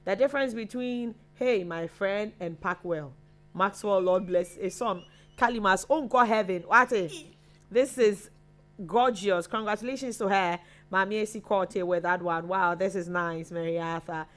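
A woman's voice: medium pitch, moderate pace, a bit bright. A Ghanaian woman co-hosting a live online chat show, chatting as she reads out viewer names and messages. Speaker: co-host reading viewer comments.

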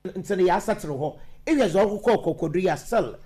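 A man's voice: high-pitched, lively intonation, a little fast, warm tone. A man conducting a conversational interview, prompting his guest and repeating back the answers in Twi and English.

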